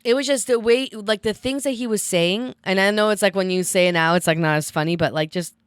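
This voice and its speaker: Brief: woman podcast co-host, loose rambling storyteller, smooth voice, dry close sound. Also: mid-range voice, fairly quick, dry recording. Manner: rambling storytelling, heavy on "like", swears freely. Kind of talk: casual chat.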